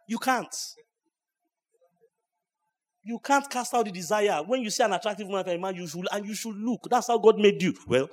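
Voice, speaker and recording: A man preaching at a church service, swinging between hushed asides and loud shouts. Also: high voice, fairly quick. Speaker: pastor. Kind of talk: sermon.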